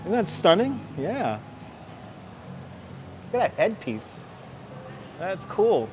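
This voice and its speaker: A man's voice: high-pitched, sing-song, slow pace, music in the background. A man with a New York accent hosting a casual live-streamed walking tour, chatting with viewers and reading out signs. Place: outdoor city walkway at evening. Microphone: wireless clip-on mic.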